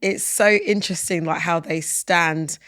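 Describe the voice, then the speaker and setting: A woman's voice: on the low side, fairly even intonation, a little slow, fairly bright tone, no room sound, clean studio sound. A woman hosting a podcast, reflecting back on her guest's story with thoughtful, summing-up remarks. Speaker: podcast host. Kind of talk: conversational podcast interview.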